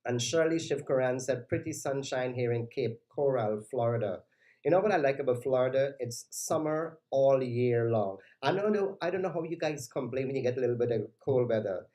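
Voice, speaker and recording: A man's voice: mid-range voice, brisk, dark tone, rough recording. A man DJ hosting a casual live stream, chatting with viewers, greeting them by name and reading their comments aloud. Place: lives in New York.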